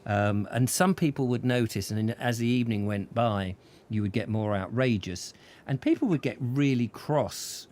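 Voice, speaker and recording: Man telling a lively, chuckling anecdote. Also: mid-range voice, moderate pace. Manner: lively storyteller, chuckling often, many restarts. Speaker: host. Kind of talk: casual chat, telling an anecdote.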